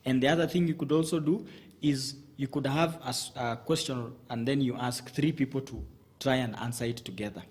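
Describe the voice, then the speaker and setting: A man's voice: mid-range voice, fairly even intonation, a little fast. Male studio guest, methodical advice giver, breaks his talk into numbered points. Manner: methodical, lists points, frequent restarts. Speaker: communication coach guest.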